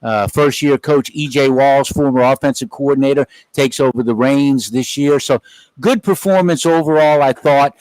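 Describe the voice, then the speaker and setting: A middle-aged male play-by-play announcer calls a football game in a relaxed, folksy way, adding chatty asides. His voice sits at an ordinary pitch and sounds close and dry, with no room around it. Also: moderate pace, dry recording, rough recording. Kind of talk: sports commentary.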